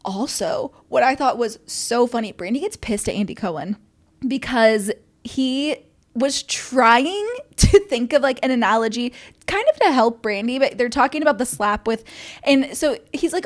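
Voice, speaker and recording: High-voiced chatty young woman. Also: moderate pace. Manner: animated, acts out quotes, swears freely. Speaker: podcast co-host. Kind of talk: casual chat recapping reality TV.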